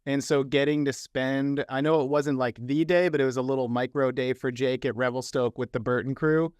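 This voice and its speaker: A middle-aged man co-hosts a podcast in a relaxed, loose way, with slang, swearing and stop-start phrasing. His voice sits mid-range and is recorded close and dry. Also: medium pitch, clean tone, no room sound. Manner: laid-back, slangy, swears, halting restarts. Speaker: podcast co-host, editor. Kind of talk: casual podcast chat.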